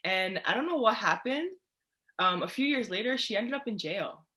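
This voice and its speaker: Casting: young woman guest, bright forceful voice in mid range, emphatic and animated. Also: medium pitch, moderate pace. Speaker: guest poet. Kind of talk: casual chat.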